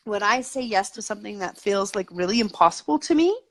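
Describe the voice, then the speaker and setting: A woman's voice: medium pitch, animated, fairly quick. A woman guest in a casual interview, talking eagerly and at length, with lots of "like" and "you know.". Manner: eager, talkative, peppered with "like".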